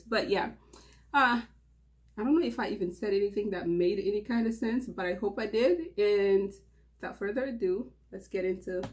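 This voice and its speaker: Hosting her own channel, this young woman from Mauritania opens a casual vlog with nervous giggles, rambling talk, and frequent restarts. Her voice sits in the mid-range and has a darkish tone.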